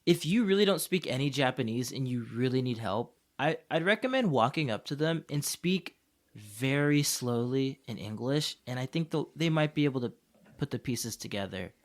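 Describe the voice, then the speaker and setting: A man's voice: mid-range voice, animated, moderate pace. Chatty rambling male podcast co-host. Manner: chatty storyteller, rambling with fillers. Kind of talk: casual chat. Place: Tokyo.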